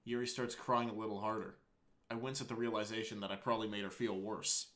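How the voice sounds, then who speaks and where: Bright-voiced man reading a visual novel. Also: medium pitch, fast talker. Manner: earnest, with startled asides. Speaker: streamer.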